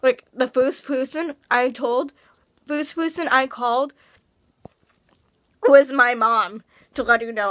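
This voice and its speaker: A young woman vlogging in casual chat, rambling with restarts and gushing with excitement. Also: sits high, measured pace, no echo. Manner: excitable, gushing, shrieks when thrilled.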